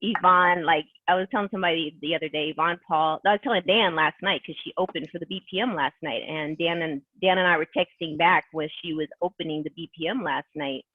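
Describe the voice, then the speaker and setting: A woman's voice: sits low, quick pace, hardly any pauses, no echo. A woman closing a team conference call with enthusiastic, rambling motivational talk, full of fillers. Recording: tinny conference call line.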